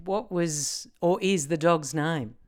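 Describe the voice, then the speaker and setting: A woman's voice: sits low, slow, darkish tone. A woman hosting an interview, asking earnest, careful questions with small restarts. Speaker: interviewer and host.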